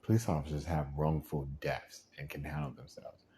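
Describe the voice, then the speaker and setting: A man's voice: very deep voice, moderate pace, slight background noise. A man venting in a casual monologue, rambling and frustrated, acting out the voices he quotes. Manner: animated, acts out quoted voices, frequent laughs.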